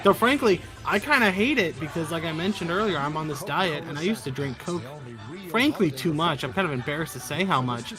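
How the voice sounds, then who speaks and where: A man co-hosts a casual stream, and his voice sits a little high. He chats and trades dry, deadpan jokes over faint music from the clips. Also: fairly quick. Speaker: stream co-host. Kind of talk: casual live-stream chat.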